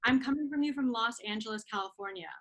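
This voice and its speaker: A woman's voice: a little high, a crowd in the background. A woman in her twenties, a podcast guest, speaking eagerly and casually with filler "like". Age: 20s. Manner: eager, quick, uses "like". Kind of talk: casual interview talk.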